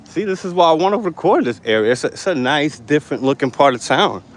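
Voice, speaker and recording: A man's voice: fairly high pitch, animated, fast talker. A man walks a downtown sidewalk in the heat, holding his phone out and talking straight to his viewers. He is brash, defiant and swears freely. Faint traffic hum and outdoor noise sit under his voice. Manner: brash, profane, defiant, talking to camera while walking. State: hot and sweaty. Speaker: street vlogger. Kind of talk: live-streamed walking vlog. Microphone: handheld phone. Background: street traffic ambience.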